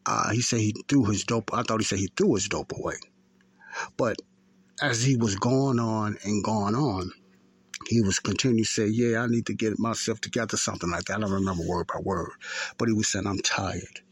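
A man's voice: fairly low pitch, moderate pace, husky, dry recording. A man in his fifties hosting a podcast, telling a story in a rambling, repetitive way and often correcting himself. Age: 50s. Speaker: podcast host. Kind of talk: casual talk and storytelling.

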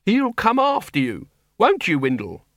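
A man voicing a huge male werewolf who speaks evenly and deliberately, with quiet menace. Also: sits high, dry recording, clean studio sound, pitched above the performer's own voice, exaggerated voice. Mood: menacing calm. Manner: even, deliberate threats.

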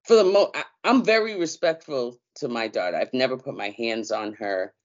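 A woman co-hosting a casual podcast, telling a story in an animated way with slang and lots of fillers. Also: extremely low pitch, moderate pace. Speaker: co-host. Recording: dull lo-fi sound.

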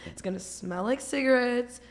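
A woman with a French accent and a raspy voice, chatting casually as a guest and laughing often. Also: a little high, moderate pace. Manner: chatty, laughs often, trails off mid-sentence. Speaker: interview guest. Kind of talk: casual chat.

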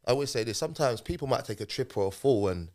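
He fires off his words rapidly in a medium-pitched voice, a podcast guest retelling a personal story and acting out people's quoted remarks with animated flair.

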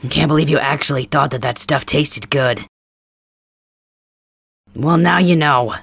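A man playing a gravelly, gruff cat-boy. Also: fairly high pitch, unhurried, a bit bright, no room sound, studio quality, full character voice. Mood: gruff teasing. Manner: grumbling, teasing, blunt. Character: gruff teasing young male cat hybrid. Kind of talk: ASMR role-play.

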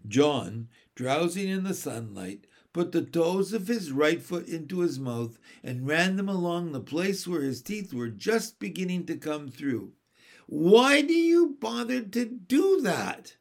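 A man reading a children's storybook aloud, expressive and animated. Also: fairly high pitch, measured pace, hardly any pauses. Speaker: audiobook reader.

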